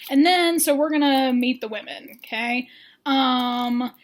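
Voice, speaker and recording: A woman's voice: high voice, a little slow, noisy background. A woman giving a rambling, jokey recap of a dating show using toy figures. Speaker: recap vlogger.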